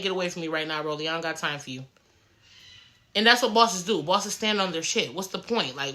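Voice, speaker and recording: Woman, bright ringing voice, blunt and sassy, profane, casual reality-show commentary. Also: on the low side, low-quality recording.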